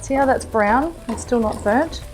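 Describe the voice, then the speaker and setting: Aussie lady chef chatting away while she cooks, bit higher voice, music and sizzling behind her. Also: normal speed. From Australia. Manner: chatty and gushing, exclaiming over the food. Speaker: cooking show host, chef. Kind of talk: casual cooking demonstration. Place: kitchen, cooking at the stove. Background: music and sizzling food.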